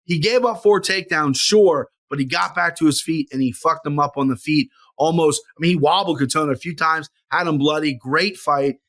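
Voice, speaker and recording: A man co-hosting a sports podcast, talking through picks in an animated, profane way. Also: a little high, a little fast, hardly any pauses. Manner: animated, profane, laughs easily. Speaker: podcast co-host and analyst. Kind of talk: casual sports podcast chat.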